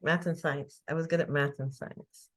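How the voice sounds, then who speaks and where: A woman's voice: deep voice, fairly even intonation, moderate pace, a bit bright. A woman in her fifties from England, chatting as an interview guest and telling stories with easy laughs. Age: 50s. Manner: chatty storyteller, laughs easily. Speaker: guest, faith coach. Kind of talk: casual interview chat.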